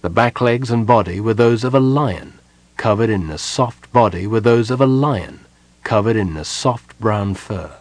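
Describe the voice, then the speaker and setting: A man reading a story aloud as an audiobook narrator, with measured delivery. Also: fairly low pitch, expressive, no room sound. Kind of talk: scripted narration.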